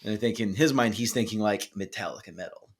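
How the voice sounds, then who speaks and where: A man's voice: on the low side, fairly even intonation, fast. A man co-hosting a music podcast, telling a rambling story in casual chat with plenty of fillers and restarts. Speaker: podcast co-host.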